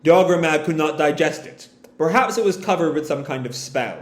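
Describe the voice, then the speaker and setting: A man's voice: on the high side, animated, normal speed, close to an everyday voice. A man reading aloud the lines of a grave, ancient male dragon in a comic, in his own voice. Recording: echoey room.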